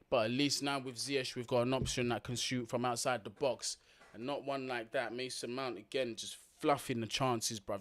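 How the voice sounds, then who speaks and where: Hosting a football watch-along, a man with a mid-range, fairly bright voice delivers blunt, slangy live commentary. He swears freely and addresses his viewers directly.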